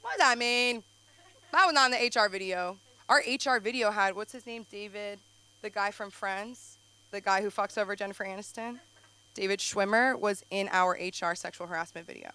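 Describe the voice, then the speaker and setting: A young woman hosting a live stand-up night on a club stage. Her voice is bright and forward, and she rambles through self-deprecating jokes with quick asides. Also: medium pitch, clean tone, poor audio. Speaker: stand-up comic and show host.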